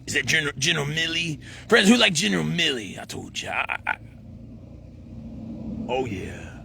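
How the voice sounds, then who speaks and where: A man's voice: on the high side, normal speed, gravelly, a little hiss or hum. A middle-aged man, rambling to a phone camera outdoors and saying "friends" over and over. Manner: says "friends" in nearly every line, rambling and excitable. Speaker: vlogger.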